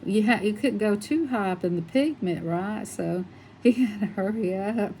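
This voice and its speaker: A woman's voice: medium pitch, moderate pace, dark tone, a little hiss or hum, poor audio. A middle-aged woman chatting casually and rambling as she colors, laughing often. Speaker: coloring channel host. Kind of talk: casual chat while coloring.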